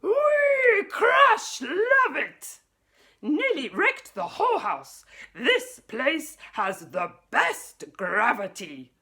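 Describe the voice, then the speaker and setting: Brash, whooping male alien visitor, read by a woman from a storybook; slow delivery, big swoops. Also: fairly low pitch, huge pitch swings, full character voice. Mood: boisterous. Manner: loud, bawling and whooping.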